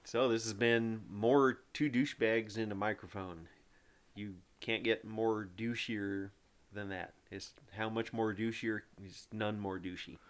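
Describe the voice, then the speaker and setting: Dude co-hosting a podcast, talks slow, dry short quips. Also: male voice, lowish voice, fairly even intonation, clean tone. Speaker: podcast co-host. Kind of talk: casual chat.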